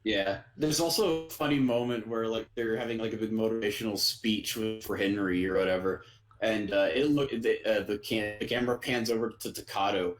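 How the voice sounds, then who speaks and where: A man's voice: fairly low pitch, fairly quick, faint music behind, low-quality recording. A man co-hosting an anime podcast, talking easily with lots of fillers and frequent laughs. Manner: easygoing, hesitant with fillers, laughs often. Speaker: podcast co-host. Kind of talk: casual anime recap chat.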